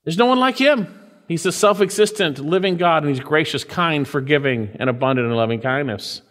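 Preaching man in an echoing hall. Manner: preaches with wide swings between raised emphatic lines and low hushed ones; reads scripture aloud with slow, weighty emphasis. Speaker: pastor. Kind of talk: sermon.

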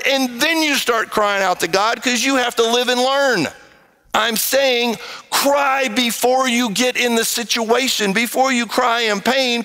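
Bright, high-voiced preacher. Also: male voice, gravelly, poor audio. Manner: animated, acts out quoted voices. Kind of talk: sermon.

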